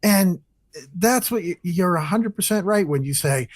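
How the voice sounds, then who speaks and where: Brief: lively, foul-mouthed man riffing on wrestling promos, dry close sound. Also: sits high, moderate pace, dry recording. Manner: profane, animated, acts out wrestlers' lines. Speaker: co-host. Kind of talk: casual wrestling podcast chat.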